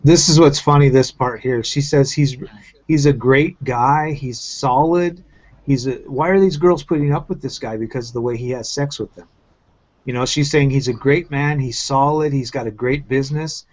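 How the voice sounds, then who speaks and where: A man's voice: mid-range voice, moderate pace. A man hosting a crude, casual round-table chat over a video call, talking bluntly and profanely in rambling runs full of restarts. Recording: muffled lo-fi online call.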